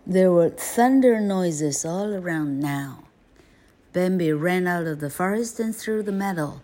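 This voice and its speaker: A woman host narrates a children's story, moving slowly and gently through each line. Her voice is low-pitched and mellow, and it never turns sharp. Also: lively intonation.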